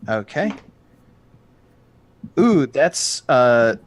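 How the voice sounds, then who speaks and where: A man's voice: mid-range voice, big pitch swings, very slow. A man playing a tabletop game, hesitant and full of fillers. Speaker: player.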